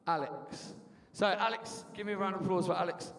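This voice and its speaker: A man in his twenties doing a lively stand-up comedy set with crowd work, shouting his punchlines in a university bar. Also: high-pitched, a little fast, a little hiss or hum. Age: 20s. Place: university bar venue, live audience. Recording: long reverb of a live venue.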